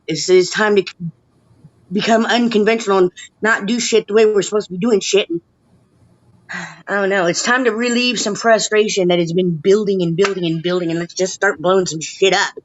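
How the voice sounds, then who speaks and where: A woman's voice: medium pitch, brisk, no room sound. A woman venting on a casual video call, her voice climbing as frustration spills out. The sound is dull and lo-fi, like online call audio. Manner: emotional, ranting, voice rising with frustration. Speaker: chat participant.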